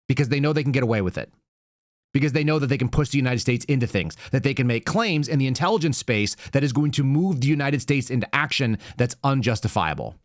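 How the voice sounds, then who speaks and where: A man's voice: mid-range voice, dry recording, clean studio sound. A man hosting a political commentary show, sarcastic and heated, reading quotes aloud with emphasis. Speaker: show host.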